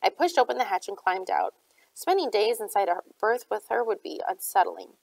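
Woman reading aloud with vocal fry. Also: medium pitch, lively intonation, moderate pace, a little mellow, no room sound, low-quality recording. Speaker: audiobook reader. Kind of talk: audiobook narration.

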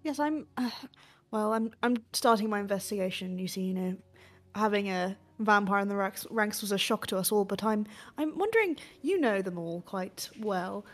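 Woman, tabletop player, in character, measured delivery. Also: medium pitch, animated. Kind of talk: tabletop role-play in character.

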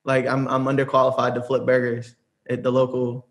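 A man's voice: medium pitch, monotone, a little fast. A young man, a music producer, chatting casually as an interview guest, rambling with lots of fillers and easy laughs. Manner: laid-back, rambling, laughs often, many "like"s.

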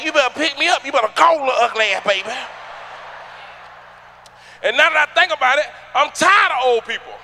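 A man from Atlanta doing loud, profane stand-up comedy on stage, teasing the crowd and shouting punchlines. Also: extremely high pitch, creaky, a little hiss or hum. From Atlanta, USA.

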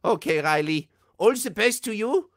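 The Medic, a gleeful, overexcited male army doctor, as a man puts him on, booms in a high, sing-song voice. His lines bounce wildly up and down, bursting with giddy cheer. It all sounds close and dry. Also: animated, moderate pace, no room sound. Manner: booming, sing-song, gushing.

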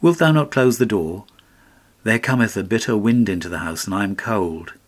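A man's voice: on the low side, expressive, normal speed. A man voicing a poor woodcutter's wife who complains in a raised, pleading voice in a storybook reading. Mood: angry pleading.

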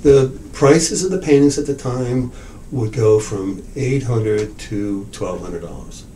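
A man's voice: mid-range voice, slow pace, a little hiss or hum, low-quality recording. An older man, an art dealer, telling stories in an oral history interview, acting out quoted lines and swearing freely. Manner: animated storyteller, acts out quotes, swears.

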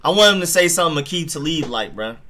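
Young man, bright tone, slangy casual football stream host, animated reactions. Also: a little high, fast talker. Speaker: sports live-stream host. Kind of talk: casual live-stream commentary.

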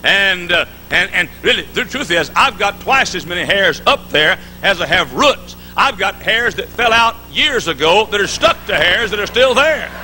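A man's voice: high voice, lively intonation, moderate pace, few pauses, pushed and bright, soft background music, low-quality recording. A middle-aged man preaching a live conference sermon, telling folksy stories with jokes and frequent restarts. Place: large conference hall.

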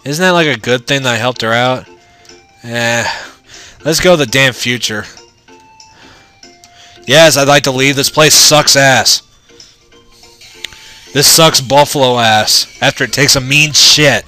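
A man's voice: medium pitch, a little slow, long pauses, pushed and bright, faint music behind. A man giving casual, rambling, profane commentary while playing through a video game. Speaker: let's play gamer.

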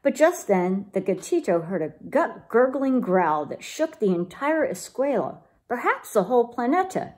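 A woman reading a children's picture book aloud in an expressive, lively way. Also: a little high, moderate pace, hardly any pauses. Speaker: storyteller.

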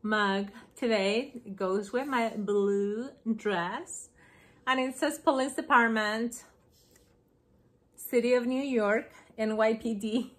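A woman chatting excitedly on her home craft vlog, gushing over gifts she received. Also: on the high side. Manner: gushing, excited, slow-paced. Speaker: craft vlogger. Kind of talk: casual vlog chat.

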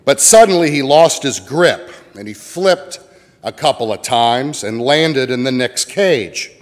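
A pastor from the American Midwest preaching a sermon, telling folksy stories with jokes. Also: male voice, mid-range voice, animated, unhurried. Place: church sanctuary. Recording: long church reverb.

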